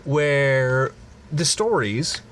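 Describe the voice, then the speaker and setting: A young man co-hosting a podcast, teasing his partner with drawn-out comic interjections. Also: medium pitch, lively intonation, fairly bright tone, a little hiss or hum. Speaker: podcast co-host. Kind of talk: casual comedic banter.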